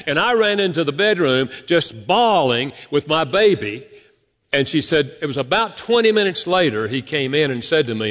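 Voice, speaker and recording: A man preaching a sermon, telling stories and speaking directly to his congregation with lively emphasis. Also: fairly high pitch, moderate pace. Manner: animated storytelling preacher, addresses congregation directly. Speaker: pastor. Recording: long hall reverb.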